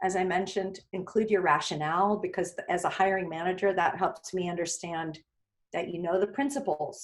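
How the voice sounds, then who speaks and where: A woman speaker answering questions as a hiring manager, patiently laying out simple rules in a teacherly way. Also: fairly low pitch. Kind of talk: explanatory Q&A answers.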